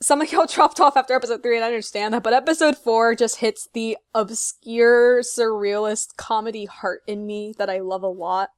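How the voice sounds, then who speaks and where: A woman co-hosting a podcast in casual chat, playful and quick to laugh. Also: a little high, clean tone, no echo, studio quality. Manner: laughs a lot, playful teasing. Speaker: podcast co-host.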